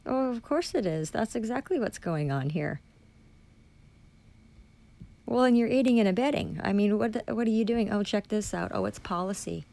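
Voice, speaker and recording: A woman in an angry, profane monologue, reading passages aloud and firing back sarcastic accusations. Her voice has a gravelly rasp. Her pitch sits in a middle register for a woman. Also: animated, moderate pace, warm tone. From Canada. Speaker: vlogger reading and rebutting a policy document.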